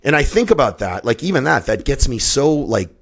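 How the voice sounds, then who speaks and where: A man's voice: mid-range voice, very animated, fairly quick, a bit bright. A man in his fifties, a podcast guest telling a personal story in an intense, blunt way and swearing often. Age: 50s. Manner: blunt, heavily profane, intense.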